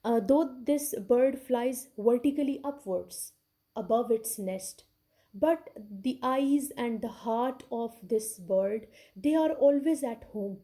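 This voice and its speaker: A woman with a fairly high, warm voice gives a recorded English literature lecture at a slow pace. She explains patiently, goes back over key words and regularly checks in with "okay."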